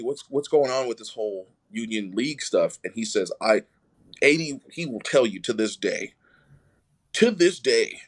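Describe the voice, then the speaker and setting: A man telling a story in casual conversation as a podcast guest, acting out the voices of people he quotes. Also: medium pitch. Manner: animated, acts out quoted voices.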